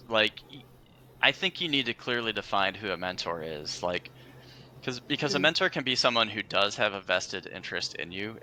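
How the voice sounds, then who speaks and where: A man's voice: fairly low pitch, sharp tone, slight background noise. A man talking about his career as a podcast guest, earnest and reflective, with frequent fillers and restarts. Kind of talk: casual interview conversation.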